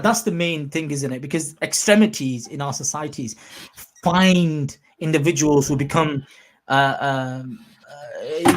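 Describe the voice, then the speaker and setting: Guy hosting a podcast, animated, keeps acting out quotes louder. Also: fairly high pitch. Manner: animated, acts out quotes in a raised voice. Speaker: podcast host. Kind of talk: casual podcast chat.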